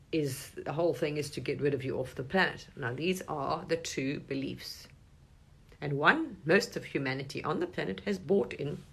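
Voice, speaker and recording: A woman giving a casual, rambling spiritual monologue to camera, talking animatedly and breaking into sudden high, excited bursts. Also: husky. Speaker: spiritual vlogger.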